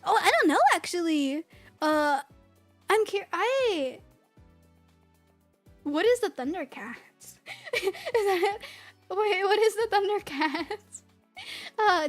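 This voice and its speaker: A woman with a very high voice and a light New England accent, chatting with her livestream audience. She rambles and giggles a lot, and soft music plays faintly behind her. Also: animated, slow pace, pauses often. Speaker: streamer. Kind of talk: casual livestream chat, reading chat.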